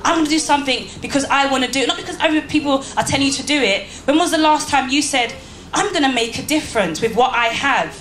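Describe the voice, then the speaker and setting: A woman's voice: sits high, fast talker, fairly bright tone. A woman giving a motivational speech to a live audience in a church hall, emphatic and firing rhetorical questions at the crowd. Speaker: motivational speaker. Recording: roomy hall, faint background ambience.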